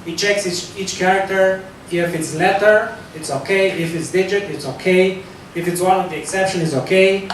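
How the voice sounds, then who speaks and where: A man presents a technical talk to a live audience, high-pitched for a man, and he often corrects himself as he goes. He sits far from the mic, so the sound is thin and roomy, with a strong echo and a faint rumble underneath. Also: normal speed. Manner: loose, conversational, with fillers and self-corrections.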